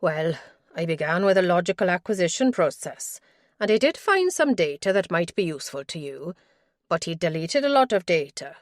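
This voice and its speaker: Audiobook part: a woman narrator voicing a prickly Welsh tech man, loud and jargon-heavy, dry close sound. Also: high voice, big pitch swings, normal speed, no room sound. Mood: tetchy. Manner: impatient, jargon-heavy, scornful. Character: fussy sharp-tongued Welsh male tech expert.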